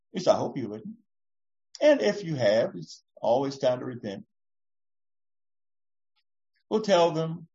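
A woman pastor delivers a conversational, reassuring sermon and slips into short voices to make her points. Her pitch rises and falls with lively range. The recording sounds dull and lo-fi. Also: measured pace, long pauses. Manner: warm, reassuring, often acts out voices.

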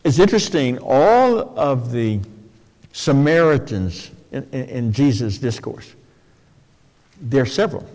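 A man preaching a sermon, folksy and expressive, dropping to soft low phrases and jumping to high, emphatic ones. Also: measured pace. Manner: folksy, colloquial asides. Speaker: pastor. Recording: long hall reverb.

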